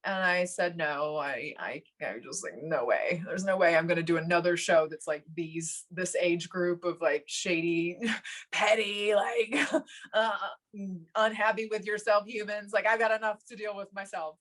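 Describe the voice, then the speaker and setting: Animated woman telling stories, laughing. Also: on the low side, normal speed. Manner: animated, laughs often, acts out quoted voices. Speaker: podcast guest. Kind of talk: casual interview storytelling.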